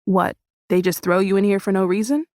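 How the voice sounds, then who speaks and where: A woman voicing a gruff, weary male prisoner in an audiobook, speaking tersely and bluntly. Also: medium pitch, brisk, darkish tone, no echo, clean studio sound, natural voice.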